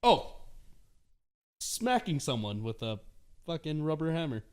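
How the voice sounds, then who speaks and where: A man's voice: fairly high pitch, big pitch swings, unhurried, darkish tone, clean tone. A man as a podcast guest, joking around and swearing freely in casual chat.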